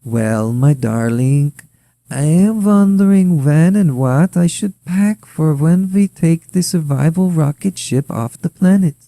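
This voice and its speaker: A soft-spoken wife with a Ukrainian accent, put on by a male narrator in a high voice. She speaks politely and coaxingly, with a calm, subservient manner in a read-aloud story. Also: slow, vocal fry, no room sound. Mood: sweetly coaxing. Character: poised scheming wife of a trillionaire president.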